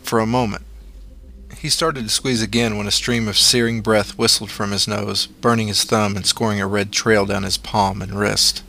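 A man reading a horror story aloud in a measured, dramatic storytelling manner. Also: lowish voice, little pitch movement, creaky, pushed and bright, a little hiss or hum. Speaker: narrator. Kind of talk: scripted horror story narration.

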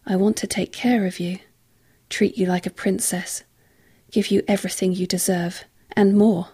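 A woman's voice: mid-range voice, normal speed, slightly rough, natural voice. A woman reading a coaxing, possessive suitor. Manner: calm, coaxing, insistent. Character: smooth possessive rich man, unsettling suitor.

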